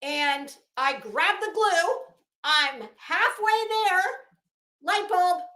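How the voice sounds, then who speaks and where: A woman's voice: very high voice, animated, extremely slow, bright, forceful tone, reverberant. A woman hosting a fashion gossip commentary show at home, telling a rambling, profane, self-mocking story while hot and sweaty. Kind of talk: casual chatty commentary.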